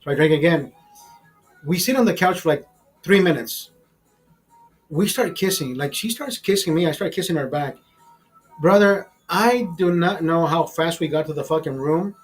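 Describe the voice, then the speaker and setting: A man in his fifties telling a personal story in a profane, rambling, animated way, full of restarts. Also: fairly high pitch, moderate pace, pauses often, husky, faint music behind. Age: 50s. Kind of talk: casual storytelling.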